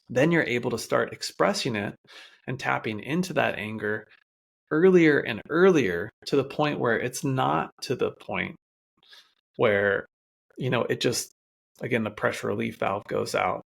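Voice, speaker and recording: Man, gravelly fry-heavy voice, mid pitch, calm coaching podcast host, talks straight to listeners. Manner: calm explanatory, addresses listeners directly. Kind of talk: solo podcast talk.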